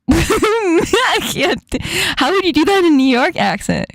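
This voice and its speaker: A woman's voice: very high voice, big pitch swings, slow pace, creaky, dry recording, studio quality. A woman hosting a casual chat stream, giggling often and swearing casually. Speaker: streamer host.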